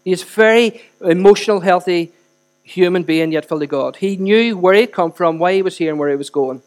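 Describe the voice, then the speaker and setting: A fairly high-voiced pastor gives a sermon in church, speaking to the congregation conversationally and putting direct questions to them. He talks a little fast and swings between loud, pressing passages and hushed ones. A low mains hum sits beneath the recording.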